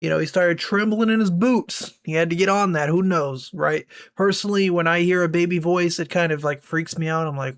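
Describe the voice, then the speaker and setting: A man's voice: a little high, normal speed, fairly bright tone. A man giving casual online drama commentary in a wry, rambling way, full of fillers.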